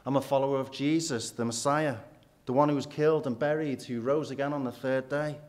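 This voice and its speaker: A man's voice: medium pitch, fairly even intonation, fairly quick, darkish tone, voice pushed down, lightly acted. A man, voicing an earnest male believer who has fled and tells his story with small stumbles during a sermon. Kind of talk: sermon role-play.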